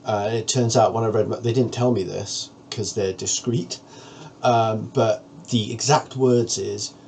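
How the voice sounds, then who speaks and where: A man with a low, gravelly voice speaks in a candid to-camera monologue, frank and earnest. A faint hiss sits behind him. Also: fairly even intonation, unhurried, darkish tone. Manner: frank, plain-spoken, earnest. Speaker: vlogger.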